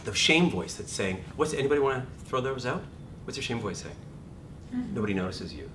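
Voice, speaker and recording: A man in his fifties, an acting teacher, giving a lively seminar talk to a class, self-deprecating and swearing freely. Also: a little fast. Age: 50s. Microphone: distant room mic. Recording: echoey room, far mic, rumbling noise.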